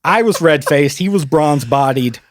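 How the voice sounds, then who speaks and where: A man's voice: on the high side, animated, normal speed, background noise. A man hosting a podcast, telling an awkward story in a casual, self-mocking way and laughing easily. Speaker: podcast host.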